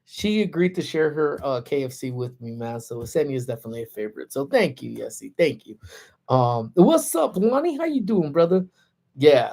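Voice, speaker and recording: Chatty guy doing a lunch break livestream from his car, kinda high voice, greets viewers. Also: darkish tone. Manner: chatty, reads out viewer names. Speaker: livestream host. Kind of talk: casual live chat.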